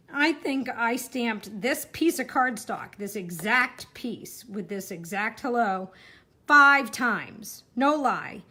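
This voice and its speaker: A woman's voice: a little high, a bit bright. Chatty woman demoing card stamping. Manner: chatty, self-deprecating, talks while working. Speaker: card-making instructor. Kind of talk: casual live crafting demo.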